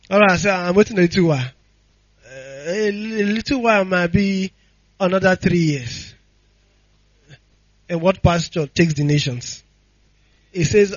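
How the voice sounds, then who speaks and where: A man's voice: high voice, normal speed, pauses often, dry recording, highs cut off. A man, preaching a sermon with impassioned call-and-response to the congregation. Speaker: pastor.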